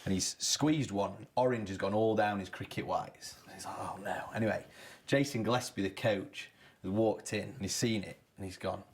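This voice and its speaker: A man's voice: fairly low pitch, moderate pace. A man co-hosting a local sports show, telling stories and running through sports news in a chatty way. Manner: chatty storyteller, laughs often. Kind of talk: casual studio chat and news roundup. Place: local TV studio.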